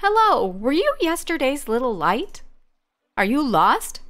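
A woman's voice: high-pitched, very animated, a little slow, pitched above the performer's own voice, full character voice. A woman reading a kind island girl. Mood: gentle, coaxing. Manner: gentle and coaxing, reading dialogue aloud. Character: kind young island girl talking to a creature. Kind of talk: reading game dialogue aloud.

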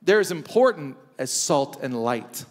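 A man's voice: mid-range voice, sing-song. Guy pastor preaching, repeats lines for emphasis, big echoey church sound. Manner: preaching with emphatic repetition and dramatic pauses. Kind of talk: sermon. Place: large church hall. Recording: church hall reverb.

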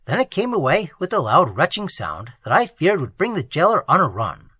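Animated man reading a story, husky. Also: a little high, normal speed, no room sound. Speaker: audiobook narrator. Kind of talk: scripted narration of a story.

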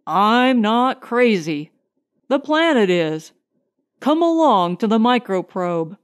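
A woman's voice: on the high side, sing-song, slow. A woman narrator voicing a grim, tense male starship scientist in a clipped way.

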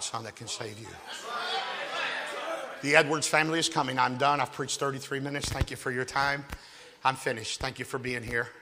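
A man preaching an impassioned revival sermon at a youth rally, pleading with his listeners and rising to shouts. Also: medium pitch, noisy background. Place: church youth rally hall. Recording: long hall reverb, faint music.

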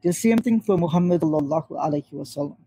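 A man on a video call, pressing his points quickly in a debate and addressing his opponent by name. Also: a little high, mellow, a little hiss or hum, rough recording. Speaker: Muslim panelist in a debate.

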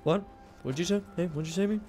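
A goofy young man giving excitable, jokey commentary while he plays a video game. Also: high voice, very fast, soft background music. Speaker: gamer, video host. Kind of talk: casual let's-play commentary.

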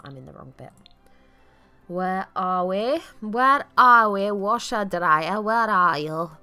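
A woman with a Mancunian accent giving chatty, rambling gameplay commentary with self-deprecating asides. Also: low-pitched. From Manchester, England. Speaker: let's play commentator.

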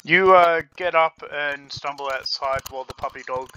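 A man running a tabletop game as game master, narrating in an unhurried, lively way, recorded on a home computer mic. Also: fairly high pitch. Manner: unhurried, lively storytelling with light laughter. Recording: dull lo-fi with faint hiss.

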